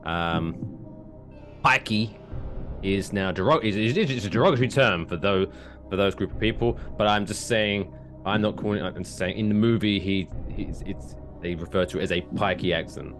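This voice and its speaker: A man from England co-hosting a podcast, talking in casual banter with animated, drawn-out emphasis and frequent self-corrections. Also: lowish voice, faint music behind. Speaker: podcast co-host.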